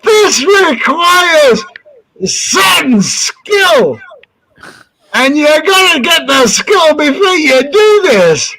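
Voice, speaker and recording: A man voicing his cocky sixteen-year-old son, loudly instructing a crowd. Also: extremely high pitch, very animated, extremely slow, voice pushed up, full character voice, rough recording. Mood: showing off. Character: brash sixteen-year-old boy showman.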